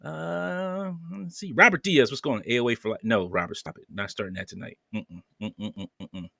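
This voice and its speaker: A man's voice: mid-range voice, normal speed, creaky, pushed and bright, no room sound, studio quality. A man hosting a podcast, casually reading viewer comments aloud with playful banter and frequent laughter. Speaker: podcast host.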